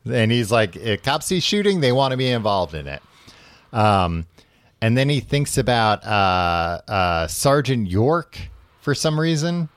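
A man's voice: lowish voice, animated, a little slow, clear, resonant tone, no room sound. A man casually recapping a book on a podcast, rambling with lots of fillers and laughing often. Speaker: podcast host.

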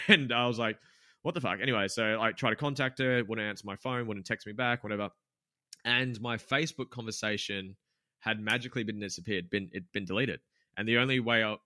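A man's voice: lowish voice, pushed and bright, no echo, clean studio sound. A man, a podcast guest telling a business story in a candid, rambling way, swearing freely and using lots of fillers. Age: 20s.

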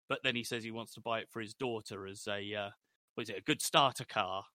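A man co-hosting a casual podcast, animated as he recaps a TV episode and acts out lines. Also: on the low side, quick pace, dry recording, clean studio sound. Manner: animated, acts out characters' lines when retelling. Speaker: podcast co-host.

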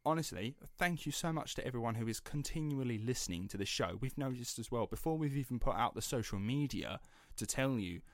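A man co-hosting a podcast, chatting casually and excitably, with rambling restarts. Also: medium pitch, a little fast, few pauses, no room sound, studio quality. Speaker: podcast co-host. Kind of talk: casual chat.

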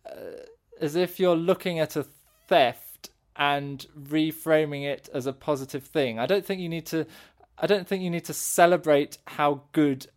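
A man's voice: fairly high pitch, moderate pace. A man in casual podcast chat, thinking aloud and searching for his words. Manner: thoughtful, searching for words, many restarts.

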